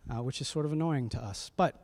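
A man's voice: medium pitch, moderate pace, darkish tone. A man in his thirties, a pastor telling a family story in a conversational sermon, often checking in with his listeners.

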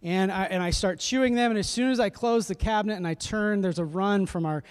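A man's voice: high voice, fairly quick, smooth. A man in his thirties, a pastor telling a family story in a conversational sermon, often checking in with his listeners.

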